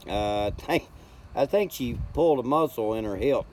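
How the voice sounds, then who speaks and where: An older man, chatting casually and rambling warmly with viewers on his home livestream. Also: mid-range voice, animated, normal speed, a little hiss or hum. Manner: folksy, rambling, greets chat by name. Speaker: livestream host.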